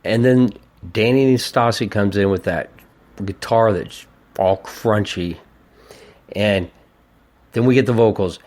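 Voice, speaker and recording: A man hosting his own podcast, reviewing an old album in a casual, rambling way, swearing often and getting excited about the music. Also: on the low side, measured pace, long pauses. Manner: profane, rambling and enthusiastic. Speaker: podcast host.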